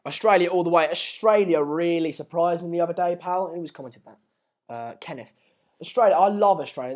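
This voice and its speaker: A young man, hosting a casual live match watch-along, reading out viewer comments in a chatty, rambling way and sounding slightly hoarse. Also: on the high side, darkish tone. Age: late teens. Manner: chatty, rambling, restarts mid-sentence, calls viewers mate and pal. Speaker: live stream host.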